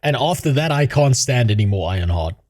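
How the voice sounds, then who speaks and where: A man's voice: mid-range voice, animated, fairly quick, a little mellow. A male streamer ranting casually in a mocking tone, laughing often and rambling. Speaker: streamer host. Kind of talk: casual rant.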